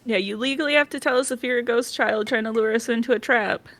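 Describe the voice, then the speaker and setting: A woman's voice: a little high, fairly bright tone. A woman playing a tabletop game, speaking with dry, quipping remarks. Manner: slow, dry quips. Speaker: player. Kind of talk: casual chat while playing.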